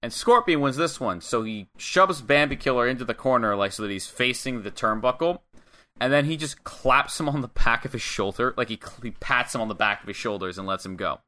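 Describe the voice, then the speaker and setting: Bright-voiced man recapping a match. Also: mid-range voice, brisk. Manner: rambling play-by-play recap with acted-out quotes. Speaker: wrestling podcast co-host. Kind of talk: casual podcast chat.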